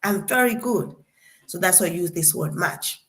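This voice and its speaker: A young woman from Tanzania giving a casual classroom lesson. She drills each word slowly and deliberately, and keeps a playful, chatty manner. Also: fairly low pitch, expressive, a bit bright. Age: young adult. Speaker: guest lecturer.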